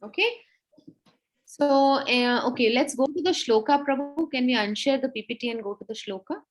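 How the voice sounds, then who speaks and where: A woman teacher with an Indian English accent, leading children through a scripture recitation on a video call, saying verses slowly for them to repeat. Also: sits high.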